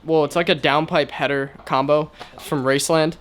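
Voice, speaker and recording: A man's voice: on the high side, fairly even intonation, normal speed, a bit bright. A man co-hosting a car vlog in a home garage, explaining the job in an easygoing, self-mocking way. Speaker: vlog co-host. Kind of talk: casual chat explaining car work. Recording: noisy garage, tool clicks.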